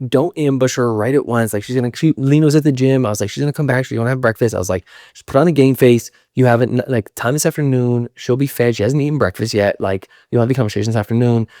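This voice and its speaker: A young man tells a personal story fast and candidly, tumbling through fillers and quoting his own thoughts. His voice sits at an ordinary middle pitch. The sound is dry and close, with no room around it. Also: warm tone, no room sound. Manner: rambling, candid, full of fillers and self-quotes. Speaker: podcast host telling a story. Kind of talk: casual storytelling.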